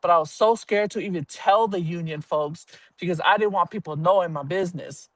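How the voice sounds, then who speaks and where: A woman's voice: lowish voice, brisk, no room sound. A woman who works as a union representative at a prison telling a personal story in a candid, earthy way, swearing freely and laughing at herself.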